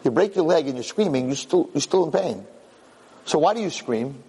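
Impassioned husky man, lively pitch. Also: normal speed, big-room sound, poor audio. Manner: storytelling, acts out quotes, impassioned. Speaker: rabbi giving a Torah talk. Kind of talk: animated Torah class.

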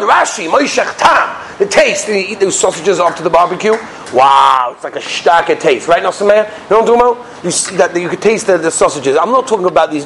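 A rabbi teaching Jewish law gives an animated lecture with anecdotes, his voice high and quick. He's a lively storyteller who keeps throwing rhetorical questions at his class and mixes in Yiddish and Hebrew terms.

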